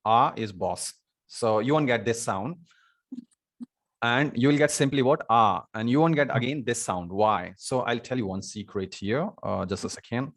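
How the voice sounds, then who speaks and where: A man's voice: medium pitch, expressive, normal speed. A man with an Indian accent teaching an online English class, repeating himself and stopping often to quiz his students. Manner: repetitive, stops to ask students questions.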